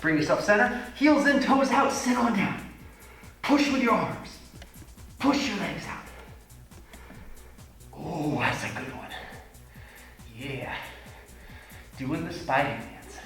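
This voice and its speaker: A man's voice: a little high, lively intonation, slow, long pauses, fairly bright tone. A man leading a children's taekwondo class, upbeat and playful with goofy asides. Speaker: kids' taekwondo instructor in costume. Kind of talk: children's fitness class instruction. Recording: echoey room from a distance with music.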